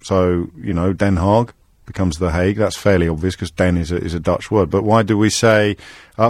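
A man's voice: fairly low pitch, no echo. A man hosting a live radio phone-in from a studio, playful and teasing, often stumbling over repeated words as he restarts. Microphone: studio microphone.

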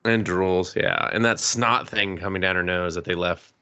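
A man co-hosting a podcast in casual chat, sarcastic, profane and quick to laugh. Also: low-pitched, steady tone, bright, forceful tone, smooth. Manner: swearing, sarcastic, laughs often. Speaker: podcast co-host.

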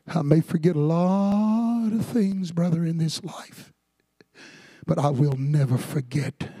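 A man preaching a fervent sermon in a church sanctuary, rising to shouts. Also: a little high, husky, dry recording. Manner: fervent Southern-style preaching, building to shouts.

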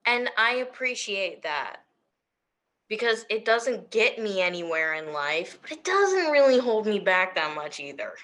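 A woman's voice: medium pitch, big pitch swings, measured pace, a bit bright. A young woman co-hosting a podcast, chatting casually with frequent giggles and self-deprecating jokes. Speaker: podcast co-host. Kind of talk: casual chat.

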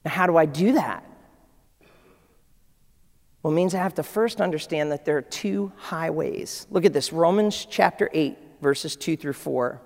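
A man preaching a sermon as pastor to a congregation, swinging from loud declarations to hushed asides. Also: on the high side, unhurried, vocal fry. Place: church room with a congregation. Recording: long reverb of a large hall.

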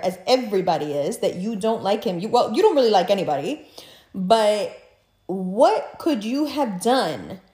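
A woman hosting a podcast, ranting in a casual, profane and animated way, mocking people with quick impressions. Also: mid-range voice. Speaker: podcast host. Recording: echoey room.

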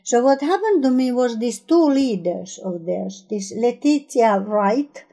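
Enthusiastic woman with a mellow voice. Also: a little high, animated, measured pace, vocal fry. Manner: enthusiastic, searching for words, non-native grammar. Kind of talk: casual chat about films.

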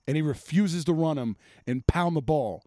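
An adult former offensive lineman, now a host, delivers a profane sports rant, blunt, exasperated and swearing freely. His voice is fairly high with a dark tone at normal speed, recorded dry with clean studio sound.

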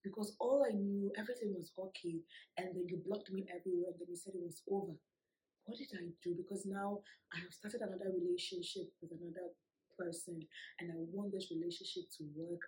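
A woman's voice: on the low side, a little fast, warm tone, natural voice, low-quality recording. A woman voicing her pleading, confused young ex-boyfriend as she retells a story.

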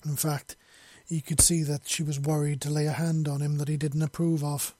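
A man reads a long fantasy story of his own aloud, his voice on the high side with a flat delivery and dark tone at a moderate pace. The recording is dry, and his reading is unpolished, with slips and self-corrections.

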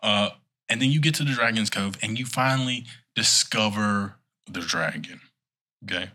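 A man's voice: on the low side, normal speed, pushed and bright. A man in casual chat, telling a rambling, playful story as a podcast co-host.

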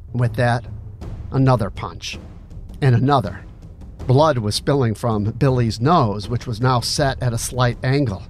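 Male audiobook narrator, mid-pitched, steady dramatic delivery, faint music under. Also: unhurried.

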